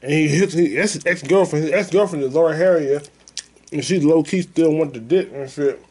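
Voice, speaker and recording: Loose, profane and slangy, a male podcast host rambles through stories and movie talk in casual chat. He speaks a little fast in a husky, warm voice on the high side.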